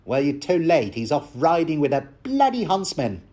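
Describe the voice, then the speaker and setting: A man voicing a brash, teasing Cockney woman innkeeper in a high falsetto. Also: sing-song, normal speed, warm tone. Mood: bawdy. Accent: Cockney, attempted.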